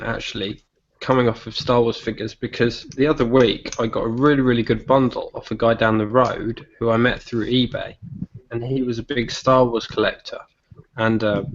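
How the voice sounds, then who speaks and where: Chatty British man hosting a chat. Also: medium pitch. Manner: chatty, rambling anecdotes with frequent fillers. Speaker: podcast host. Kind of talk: casual chat. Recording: slightly dull with faint noise.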